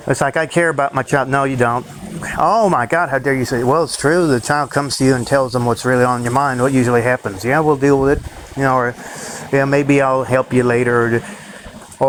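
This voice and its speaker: A man's voice: mid-range voice, a little hiss or hum, rough recording. A man ranting in a rambling, profane monologue to his own channel, drifting from thought to thought. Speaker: vlogger.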